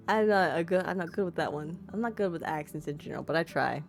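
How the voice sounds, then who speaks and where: A woman streamer reads a video game's text aloud in a fairly low voice, then slips into self-deprecating chatter between passages. Soft guitar music plays faintly behind her. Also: expressive, fast, hardly any pauses. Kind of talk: let's-play narration and commentary.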